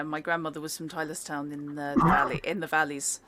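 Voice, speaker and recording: A woman's voice: deep voice, flat delivery, brisk, a bit bright, slight background noise. A woman narrating a tabletop game as game master, chatty, with many fillers and laughs.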